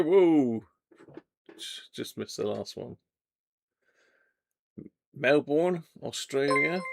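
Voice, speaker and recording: Bloke on a livestream, bit of fry in his voice, chatty and jokey. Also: mid-range voice. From Devon, England. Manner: chatty, jokey, reads out viewer comments. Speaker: livestream host. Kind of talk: casual live chat. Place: home radio workshop.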